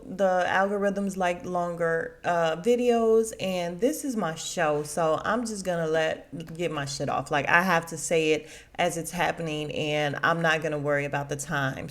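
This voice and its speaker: A young adult woman talks casually on her own podcast, recapping a show with frequent laughs. She slips into loud, high voices when quoting people, then drops back to her easy chatty tone. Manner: chatty, laughing, acts out quotes with big swings. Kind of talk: casual chat.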